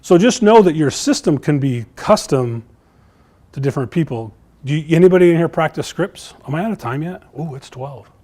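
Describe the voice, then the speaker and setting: A man's voice: on the high side, lively intonation, a little fast, a little mellow. A middle-aged man giving a live real estate sales training to a class, telling candid stories and repeating himself as he talks. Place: classroom before a live audience.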